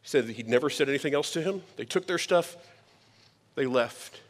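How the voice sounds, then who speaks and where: A pastor in his thirties delivers a sermon in an animated, mid-range voice, emphatic yet conversational, tossing quick asides to the congregation. Long reverb from the hall trails his words.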